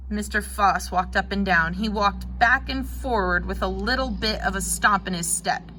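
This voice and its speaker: A woman teacher reads a Bible story to young children in a gentle storytelling manner. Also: medium pitch, a little slow, few pauses.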